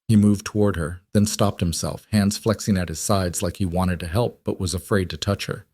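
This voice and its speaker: A man narrating a story in a steady, measured reading. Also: low-pitched, no echo.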